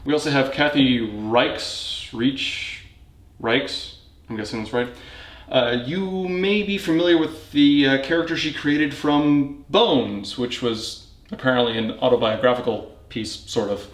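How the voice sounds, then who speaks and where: A man rambles through a casual tour of his bookshelves, dropping wry jokes as he goes. His voice sits at an ordinary middle pitch. The sound is roomy and echoey, recorded in a home reading nook open to a balcony. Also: measured pace. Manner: wry, joking asides. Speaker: book channel host. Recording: echoey room.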